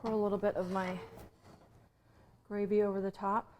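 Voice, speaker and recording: A woman's voice: medium pitch, flat delivery, normal speed, dark tone, a little hiss or hum. A woman chef teaching a recipe in a kitchen, chatty and playful with jokey asides. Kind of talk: casual home cooking demonstration.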